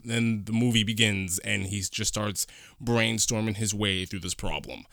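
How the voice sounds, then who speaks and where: A man talks through a movie in casual chat at an ordinary, middle pitch, retelling scenes in detail. His voice sounds dry and close, with no room echo. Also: animated, normal speed, fairly bright tone. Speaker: movie reviewer.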